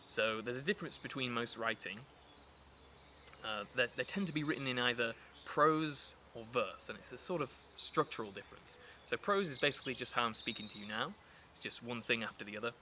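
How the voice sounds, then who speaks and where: A man's voice: mid-range voice, animated, a little fast, pushed and bright, slight background noise. A man teaching a casual lesson on poetry, explaining in a chatty way with fillers and restarts. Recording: outdoor recording with clear nature sounds behind. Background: birds and rural ambience.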